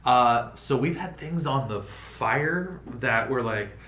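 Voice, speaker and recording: A man's voice: medium pitch, animated, takes it slowly, a bit bright. Man, livestream host, casual rambling chat, many restarts, roomy sound. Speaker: crypto project host. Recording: roomy room with faint noise.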